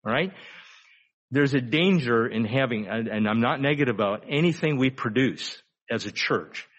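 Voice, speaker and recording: A man's voice: mid-range voice, animated, moderate pace, muffled recording. An older man delivering a sermon in an easygoing, conversational way. He poses frequent rhetorical questions and stretches out key phrases for emphasis. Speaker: pastor.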